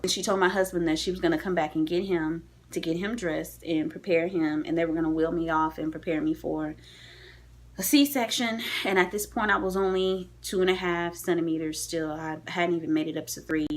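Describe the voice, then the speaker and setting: A woman's voice: on the low side, steady tone, normal speed. A young woman vlogging from a hospital room, candidly and emotionally telling the story of her labor. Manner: emotional, candid, tearful at times. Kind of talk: personal storytelling vlog.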